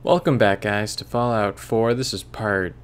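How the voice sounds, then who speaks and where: A man's voice: on the low side, fairly even intonation, unhurried, clean tone. A man hosting a let's play, rambling, joking and swearing in casual gameplay commentary. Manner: rambling, joking, profane, puts on silly voices.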